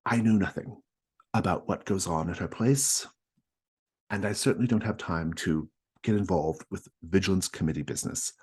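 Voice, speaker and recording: Man playing a brusque male office manager, weary, dismissive, low voice. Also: normal speed, a little mellow, breathy edge.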